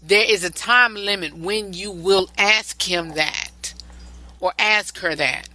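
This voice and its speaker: A man's voice: high voice, slow pace, pushed and bright, rough recording. A male podcast host giving relationship advice in a rambling, repetitive and preachy solo talk.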